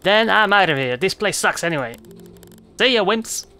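Player squeaking out a hot-headed little spider. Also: expressive, moderate pace, bright, forceful tone, faint music behind. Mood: picking a fight. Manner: picks fights, street slang, high squeaky voice. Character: cocky small spider, short-tempered, itching to fight.

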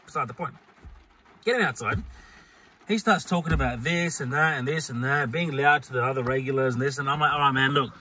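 A man and hospitality worker telling a profane, animated story in a casual vlog. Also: on the high side, slightly rough.

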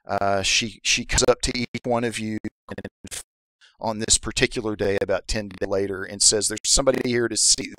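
Game master guy narrating a tabletop scene, halting and improvised, bright punchy voice, dry. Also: fairly low pitch, little pitch movement, no room sound, low-quality recording.

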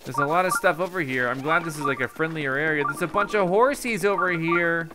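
A man's voice: fairly high pitch, fairly quick, heavy background noise. A man doing casual let's play commentary, musing to himself and easily distracted. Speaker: gaming video host.

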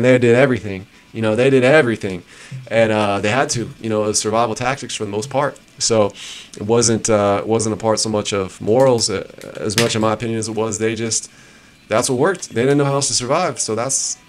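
A man reading passages aloud and adding his own rambling, casual commentary with frequent restarts. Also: medium pitch. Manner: shifts between measured reading and rambling asides with restarts. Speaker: host reviewing marriage advice.

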